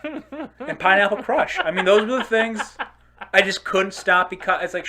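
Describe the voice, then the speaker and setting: A man co-hosting a podcast, chatting casually and telling an animated, sweary story. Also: high-pitched, normal speed, a crowd in the background. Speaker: podcast co-host. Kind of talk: casual chat.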